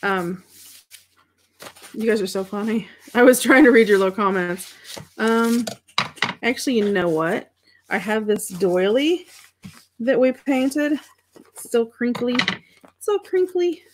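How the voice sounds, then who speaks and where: A middle-aged woman hosts a crafting livestream, thinking aloud as she demonstrates and chatting casually with viewers about their comments. Her voice is on the high side and a little slow, with long pauses and a slight hiss or hum.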